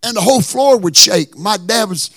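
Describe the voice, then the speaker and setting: A hoarse male pastor, telling a story in a sermon and building to shouted preaching in a church. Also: high-pitched, normal speed, no echo, studio quality. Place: church sanctuary.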